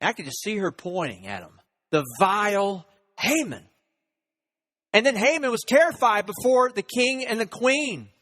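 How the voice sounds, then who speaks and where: A man's voice: high-pitched, sing-song, normal speed, fairly bright tone. A man preaching a sermon, retelling a story and acting out the characters' lines. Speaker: pastor.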